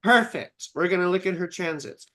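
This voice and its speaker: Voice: mid-range voice, normal speed, fairly bright tone. Teasing, foul-mouthed astrologer. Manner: teasing, swears freely, calls people sweetheart. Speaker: astrologer co-host. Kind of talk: casual live-stream chat.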